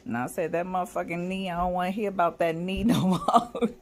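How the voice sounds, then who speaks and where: A woman's voice: fairly low pitch, fairly even intonation, fairly quick, a little hiss or hum. A woman talks through a loose, rambling vlog. She swears freely, laughs between thoughts and keeps acting out what she and others said. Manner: profane, laughing, quoting herself in asides. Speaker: vlogger. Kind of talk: casual rambling monologue.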